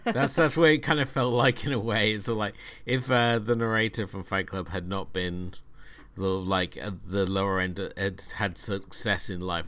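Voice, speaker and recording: A man's voice: deep voice, bright, forceful tone. A man co-hosting a film podcast, talking through plot points with many ums and uhs. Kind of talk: casual film discussion.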